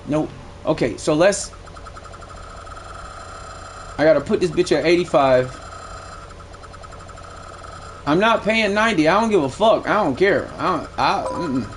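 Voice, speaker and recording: A man's voice: on the high side, expressive, moderate pace, long pauses, a little hiss or hum. A young man streaming a game live, giving blunt, profane play-by-play commentary that swings into aggravation. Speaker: gaming streamer.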